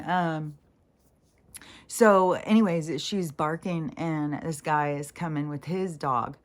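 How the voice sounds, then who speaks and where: Chatty woman with a lowish voice. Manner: chatty, laughing often, swearing, quoting people in put-on voices. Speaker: vlogger. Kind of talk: casual storytelling rant.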